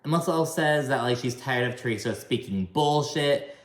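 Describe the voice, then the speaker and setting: A man talks straight to camera in a loose, gossipy recap, peppering every thought with swearing. His voice sits at an ordinary middle pitch. The room around him has a noticeable echo. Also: normal speed. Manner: chatty, profane, gossipy. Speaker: reality TV recap host. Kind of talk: casual video recap commentary.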